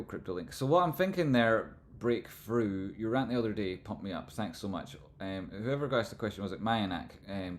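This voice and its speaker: A man with a Scottish accent hosting a live stream, explaining stock chart analysis in a relaxed, rambling way. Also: on the low side, a little hiss or hum. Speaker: livestream host, trading analyst.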